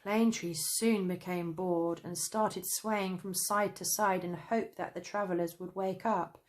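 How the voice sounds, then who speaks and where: British woman, children's story reader, low voice, very slow and gentle. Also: steady tone, a little hiss or hum. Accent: British English. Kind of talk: storybook narration.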